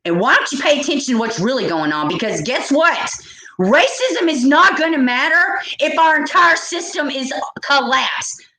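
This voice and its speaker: A woman's voice: high-pitched, sing-song, moderate pace, bright, forceful tone. Profane, ranting woman vlogger. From United States. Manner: exasperated, profane, repetitive ranting. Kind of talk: ranting commentary to camera. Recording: echoey room.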